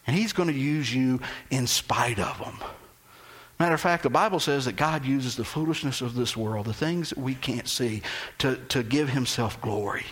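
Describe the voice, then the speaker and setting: A man's voice: medium pitch, normal speed, a bit bright, breathy edge. A man pastor preaching a sermon who talks emphatically and keeps asking his congregation questions.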